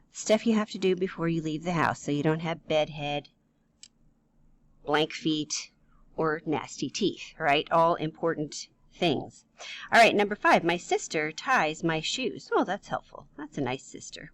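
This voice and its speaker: A woman's voice: deep voice, lively intonation, measured pace, a bit bright, poor audio. A woman teaching a grammar lesson to young children, playful and chatty, talking straight to them with questions.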